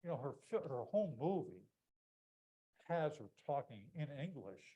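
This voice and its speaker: A man's voice: fairly high pitch, sing-song, moderate pace, lo-fi sound, crowd noise. A man speaking as an author on a panel, making thoughtful, reflective points. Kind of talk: panel discussion.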